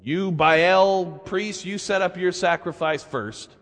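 A man's voice: high voice, slow, fairly bright tone, faint music behind. A man voicing a bold, confident male prophet who taunts and challenges, in a long church reverb.

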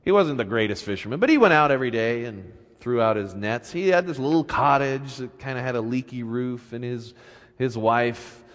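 A man preaching a sermon who turns to telling a fairy tale, with an animated, chuckling storytelling manner. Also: medium pitch, moderate pace, in a large hall. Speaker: pastor.

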